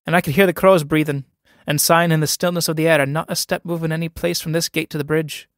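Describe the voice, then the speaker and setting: A timid young suitor, uneasy and awkward, easily scandalized, read by a man performing a stage play. His voice is a touch high and the recording is dry and close. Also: steady tone, fast, no echo, close to an everyday voice.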